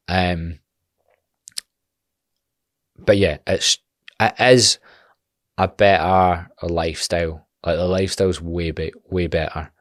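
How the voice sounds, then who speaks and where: A man's voice: deep voice, steady tone, slow pace, pauses often, dry recording, clean studio sound. A Scottish man in his twenties talking bluntly and animatedly in a casual podcast monologue, swearing freely. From Scotland. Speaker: podcast host.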